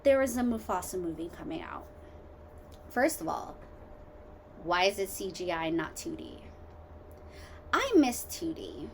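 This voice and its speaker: A woman hosting her own podcast from home, rambling casually through tangents with lots of fillers, jumping between loud exclamations and quiet muttered asides. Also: lowish voice, sing-song, measured pace, creaky, long pauses, slight background noise. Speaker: podcast host. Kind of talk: casual solo podcast chat.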